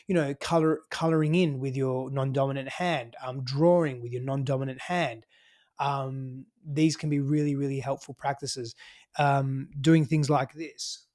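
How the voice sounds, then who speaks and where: A man's voice: mid-range voice, fairly even intonation, unhurried, darkish tone. A man with an Australian accent, a podcast guest giving casual advice in an emphatic, sweary way, full of "you know" and "right?".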